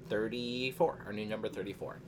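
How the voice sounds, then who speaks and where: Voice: mid-range voice, fairly even intonation, fairly quick, over a noisy crowd. A podcast host chatting with guests, enthusiastic and a little rambling. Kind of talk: casual podcast chat. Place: apartment room with friends.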